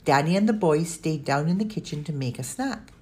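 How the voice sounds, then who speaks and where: A woman narrating a children's audiobook in a steady storytelling manner. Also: low voice, fairly quick.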